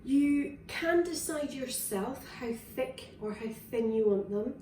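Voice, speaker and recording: Scottish woman, fairly high-pitched, rambling home-cooking vlog, roomy kitchen with clattering pans. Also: expressive, slow, mellow, far from the mic, slight background noise. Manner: chatty and rambling, with fillers and restarts. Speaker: wellness vlogger. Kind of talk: casual cooking demonstration. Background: clinks of dishes, cutlery and pans.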